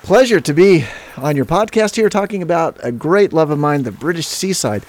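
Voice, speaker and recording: A man improvising as a comedy podcast guest, talking in a deadpan, mock-earnest expert tone over a remote call. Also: a little high, normal speed.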